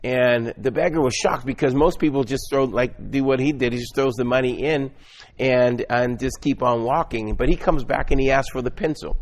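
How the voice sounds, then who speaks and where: A man's voice: mid-range voice, fairly even intonation, normal speed. A man delivering an earnest, exhorting motivational sermon, often repeating and restarting his words as he speaks.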